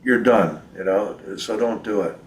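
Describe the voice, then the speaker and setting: An older priest, his voice on the low side and his speed normal, tells reflective stories in a folksy way while being interviewed at home. He quotes people in lively voices as he reminisces. The recording sounds roomy, with the mic set some distance from him.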